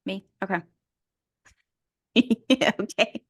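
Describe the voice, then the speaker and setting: A young woman co-hosting a casual podcast at an ordinary pitch. She talks hesitantly, full of fillers and little giggles, and the sound is dry and close. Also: slow, no echo. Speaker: podcast co-host. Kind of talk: casual chat.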